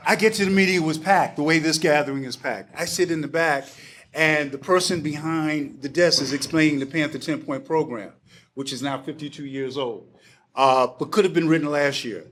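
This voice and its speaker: A man in his sixties telling a personal story to a live audience at a packed bar, animated, acting out voices and swearing casually. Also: fairly high pitch, normal speed, slight background noise. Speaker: panel speaker. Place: packed bar event space.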